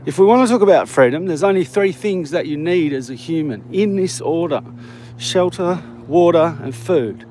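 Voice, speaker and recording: A man's voice: fairly high pitch, expressive, normal speed, darkish tone, a little hiss or hum. An Australian man vlogging live while out on a walk, rambling and joking with viewers. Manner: rambling, jokey, talks to viewers.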